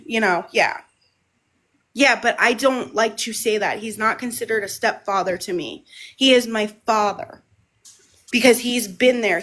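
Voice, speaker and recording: Woman, livestreamer, slightly high voice, rambling, repeats herself, at home. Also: fairly bright tone. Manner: rambling, repeats and restarts phrases. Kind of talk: casual live monologue.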